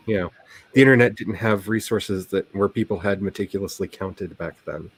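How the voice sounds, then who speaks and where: A man's voice: sits low, moderate pace, breathy edge, no room sound. A man hosting a writing livestream, chatting casually in a rambling, joking, self-deprecating way. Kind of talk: casual chat.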